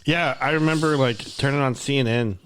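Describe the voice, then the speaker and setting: A man's voice: mid-range voice, brisk, fairly bright tone, a little hiss or hum. A man hosting a casual podcast chat, easygoing and agreeable, with lots of fillers. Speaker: podcast host.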